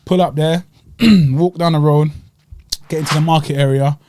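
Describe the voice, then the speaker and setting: Young London man telling a lively story. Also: fairly high pitch, moderate pace, a little hiss or hum. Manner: animated storytelling with slang and acted-out quotes. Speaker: podcast co-host. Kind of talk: casual chat.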